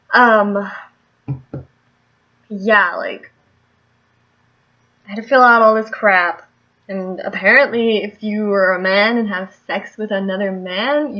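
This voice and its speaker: A woman's voice: mid-range voice, pushed and bright, muffled recording. A young adult woman telling a story in a casual vlog, chatty and rambling, often laughing. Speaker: vlogger.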